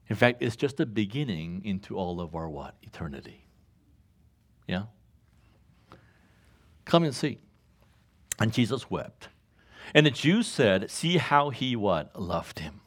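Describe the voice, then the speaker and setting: A man preaching a sermon, reading scripture and asking the congregation to finish his lines, chuckling often. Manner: call-and-response questions to congregation, chuckles often; reads scripture aloud, rises in pitch when animated. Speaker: pastor.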